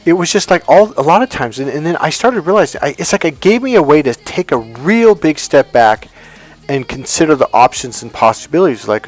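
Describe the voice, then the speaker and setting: A middle-aged man, a dating coach, telling a personal story in a vlog with animated, acted-out delivery. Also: a little high, fairly quick, faint music behind. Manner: animated storyteller, acts out quotes.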